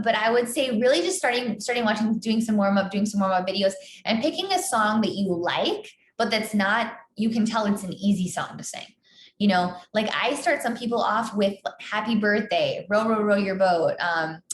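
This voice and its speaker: A woman voice teacher talks her students through questions on a live video call, warm in intent and full of fillers. Her voice sits at a middle pitch. The room is roomy and echoey, with a faint hum behind her. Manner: chatty, encouraging, many fillers and restarts. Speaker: singing teacher. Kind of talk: live online Q&A lesson.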